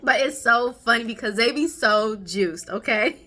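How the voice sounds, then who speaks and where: A woman's voice: normal speed, slightly rough, faint music behind. A young woman, hosting a podcast about her toddlers, chatting casually and laughing often. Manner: animated, laughing, high playful voices when quoting her kids. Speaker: podcast host, mother of twin toddlers. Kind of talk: casual storytelling chat.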